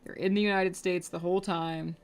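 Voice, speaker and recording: A woman's voice: on the low side, fairly even intonation, fairly quick. A young adult woman streaming live while she draws, rambling casually to her chat and humming between remarks.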